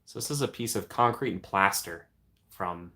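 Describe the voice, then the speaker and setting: A man with a slightly low-pitched voice hosts a casual livestream. He chats easily, reads viewer comments and answers them, and he sounds like he is speaking into a home streaming mic. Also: moderate pace, sharp tone. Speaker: livestream host.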